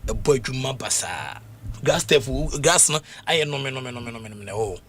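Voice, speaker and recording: A man with a Ghanaian accent talking sports on the radio in a casual, animated way, laughing often and full of fillers and repeats. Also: medium pitch, brisk, slight background noise. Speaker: radio sports show panelist. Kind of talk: casual radio sports talk mixing English and Twi.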